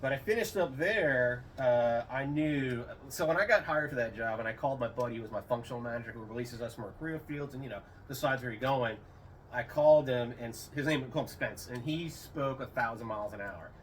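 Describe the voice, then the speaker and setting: A man's voice: medium pitch, fairly quick. Casual middle-aged guy rambling thru stories, sits a bit back from the mic. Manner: rambling, animated quoting with raised voice. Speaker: interview guest, retired Air Force. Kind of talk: casual storytelling. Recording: slightly distant mic, faint room noise.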